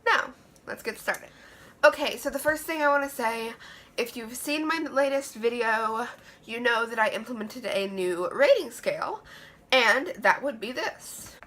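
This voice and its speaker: Woman, chatty, enthusiastic, fairly high voice, bright and forceful tone. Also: animated, measured pace. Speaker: book reviewer. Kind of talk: casual book review vlog. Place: room lined with books.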